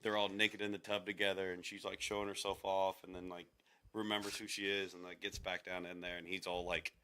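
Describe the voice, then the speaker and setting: A man's voice: sits low, flat delivery, fairly quick, pushed and bright, smooth. A man co-hosting a podcast, rambling in casual chat, swearing and acting out quotes as he goes. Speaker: podcast co-host.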